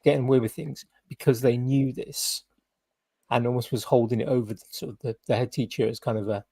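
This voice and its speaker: A man's voice: mid-range voice, steady tone, fairly quick, creaky, mellow. A British man hosting a casual podcast, telling stories in a rambling way full of "kind of" and "you know". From United Kingdom. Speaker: podcast host.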